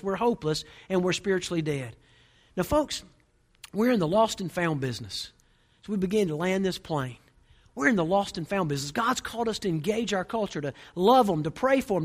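A man preaching a sermon in an emphatic, rousing way with rhythmic repetition. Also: high voice.

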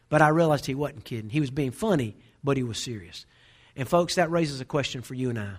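A man in his forties, a pastor preaching a sermon, telling a humorous story in an animated way. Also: medium pitch, fast talker, husky. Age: 40s.

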